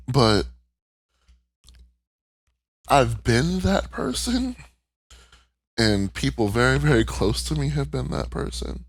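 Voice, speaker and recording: This podcast co-host has a medium-pitched, husky, creaky voice with a sing-song lilt, and he takes it slowly with frequent pauses. There's no echo. He's casually recapping a cartoon, speaking candidly and emotionally with plenty of swearing.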